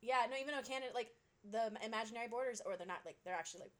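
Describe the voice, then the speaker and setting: A woman's voice: fairly high pitch, racing. A young adult woman co-hosting a podcast, talking casually with lots of fillers and laughter. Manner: chatty, laughs often, many fillers. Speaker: podcast co-host. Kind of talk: casual chat.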